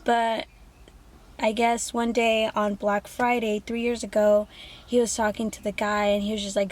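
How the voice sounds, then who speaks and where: A woman's voice: medium pitch, flat delivery, moderate pace. A young woman in a casual vlog, talking candidly and profanely with many fillers. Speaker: vlogger. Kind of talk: casual get-to-know-me vlog.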